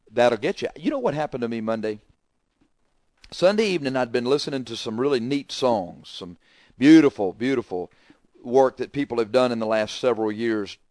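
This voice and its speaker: A man preaches a sermon at a middle pitch, earnest and conversational. He leans on rhetorical questions and repeats his key lines. The recording is dry, with little room sound. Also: darkish tone, no echo.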